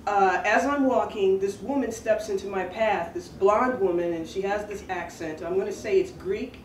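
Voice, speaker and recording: Chatting her way through a personal story, a woman wanders off on tangents and laughs at herself. She speaks at medium pitch and normal speed, recorded roomily on a distant mic with faint noise behind her.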